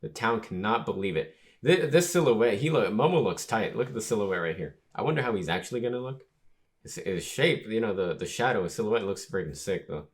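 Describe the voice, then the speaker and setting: A man hosting a manga reaction, reading pages aloud and reacting with excited exclamations. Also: lowish voice, a little fast. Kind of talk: casual reaction and read-aloud.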